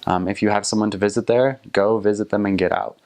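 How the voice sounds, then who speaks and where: A man's voice: lowish voice, fairly even intonation, fast talker, darkish tone. A young man in his twenties, a returned missionary, giving casual, plain-spoken advice and recollections.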